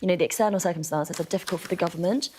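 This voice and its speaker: Woman pundit, slightly low voice, measured and wry, lists points. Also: darkish tone, a little hiss or hum. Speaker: newspaper review guest. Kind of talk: live studio discussion. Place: TV news studio.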